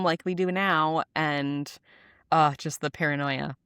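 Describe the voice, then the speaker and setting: Low-voiced woman hosting a podcast. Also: flat delivery, moderate pace, a bit bright, clean tone, dry recording, studio quality. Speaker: podcast host. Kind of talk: casual podcast chat.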